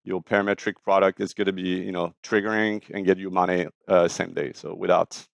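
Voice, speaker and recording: A man in his forties with a French accent, explaining his startup in an interview with frequent pauses and fillers. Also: deep voice, level tone, vocal fry, dry recording. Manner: many fillers and restarts, explanatory. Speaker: startup founder, guest. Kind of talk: casual interview talk.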